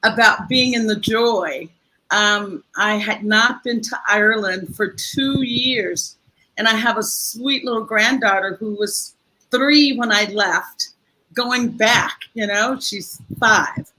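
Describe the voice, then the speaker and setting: An older woman speaking as a guest in a conversational interview, telling a heartfelt story in a lively, expressive way. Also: fairly high pitch, slow pace, poor audio.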